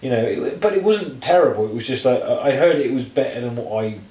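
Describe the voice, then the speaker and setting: A man's voice: medium pitch, fast, far from the mic. Guy rambling on about films, lots of ums and likes, middle voice, bit of room echo. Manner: rambling, animated when mocking, full of fillers and restarts. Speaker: podcast co-host. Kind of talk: casual chat.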